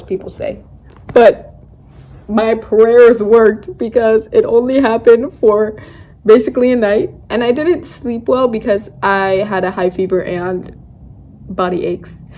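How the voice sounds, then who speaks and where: A woman's voice: medium pitch, dark tone, slight background noise. A young woman vlogging, telling a story in a casual, dramatic, self-mocking way and acting out her own quotes. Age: young adult.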